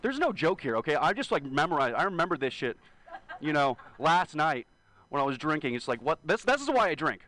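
A young man in his twenties doing a rambling, crude stand-up set. He is hungover and leans into self-deprecating confessions. His voice sits a bit high for a man. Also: big pitch swings, fairly quick, bright, forceful tone, low-quality recording. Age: 20s. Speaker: stand-up comedian. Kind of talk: stand-up set at an open mic.

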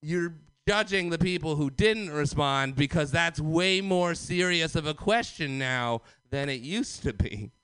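Male open-mic comic, loud manic ranter, high and bright, unhurried delivery. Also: expressive, smooth, dry recording. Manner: loud, manic, conspiratorial ranting. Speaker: stand-up comedian. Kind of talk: open mic stand-up set.

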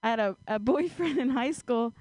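Casting note: high-pitched woman comic, chatty and self-mocking, dry close sound. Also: lively intonation, normal speed, darkish tone, no echo. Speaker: stand-up comedian. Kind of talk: stand-up set. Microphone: handheld stage mic.

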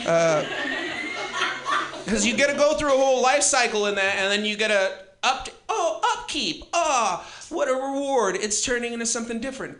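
A man in his late twenties with a very high, sharply bright voice delivers a loose stand-up comedy monologue. He rambles from one thought to the next, swears freely and chuckles at his own jokes. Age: 20s.

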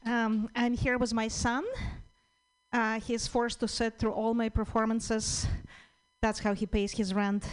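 A woman comedian with a Russian-Ukrainian accent, a native Russian speaker doing a deadpan stand-up set at an open mic, with many pauses and ums. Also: on the high side, smooth, rough recording.

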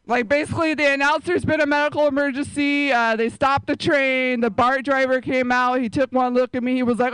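A woman comedian with a very high, bright voice, chatting through a stand-up story and laughing at her own jokes. Her voice comes across dry and close on a stage mic. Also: fairly even intonation, fairly quick, few pauses, clean tone, no echo, rough recording. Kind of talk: stand-up set.

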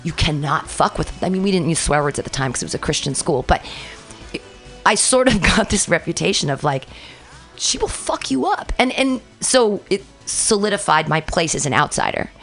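A woman comedian talking in a casual podcast chat, loud and effusive as she tells stories. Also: on the low side, a little fast, faint music behind. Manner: effusive, animated, loud storytelling. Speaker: comedian guest.

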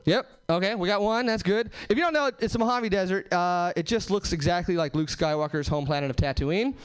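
A man from Southern California doing a stand-up comedy set on a club stage, punchy and animated, swinging his voice high and low for effect. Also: a little fast, clean tone.

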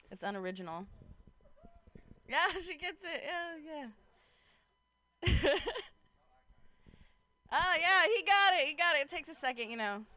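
Bright, crisp young woman doing street stand-up. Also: high voice. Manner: casual, laughs between jokes, chats with passers-by. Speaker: stand-up comic. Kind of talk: street-corner stand-up set. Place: outdoors on a street corner.

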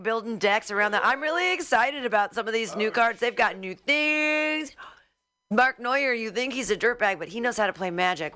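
Female comedy MC, higher bright voice, gushing intros. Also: slight background noise. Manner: bubbly and gushing. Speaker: comedy show host.

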